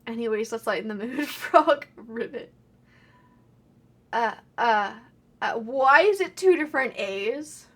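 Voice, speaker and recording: A woman's voice: on the high side, lively intonation, slow, fairly bright tone. A young woman streaming a video game, chatting and giggling with her viewers. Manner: giggly, chatty with live chat. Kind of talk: casual game commentary.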